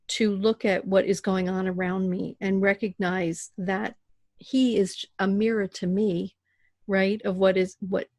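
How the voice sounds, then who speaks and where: A middle-aged woman chats as a podcast guest, slipping into little acted voices as she tells her stories. Her voice sits at a middle pitch and is heard close and dry, with no room sound. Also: dry recording. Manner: animated storyteller who acts out voices. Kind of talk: casual podcast conversation.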